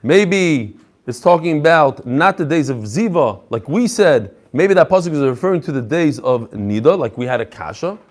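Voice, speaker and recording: Animated man teaching a Talmud class. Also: fairly high pitch, moderate pace. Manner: animated, rhetorical questions, mixes English with Hebrew and Aramaic terms. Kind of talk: lively Talmud lecture to a live group.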